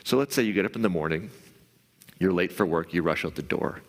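A man with a fairly low voice preaches to his church in a loose, conversational way. He sometimes jumps into a higher, insistent voice to act out thoughts. The sound rings with the long reverb of a large hall. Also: a little fast. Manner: conversational, acts out inner voices in a raised pitch. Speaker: pastor. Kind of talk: sermon.

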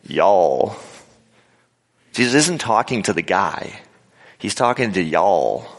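Low-voiced preacher in an echoing hall. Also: male voice, lively intonation, unhurried, a bit bright. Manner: informal, acts out quotes with humorous asides. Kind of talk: conversational sermon. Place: large hall with a live audience. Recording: live sermon in a reverberant hall.

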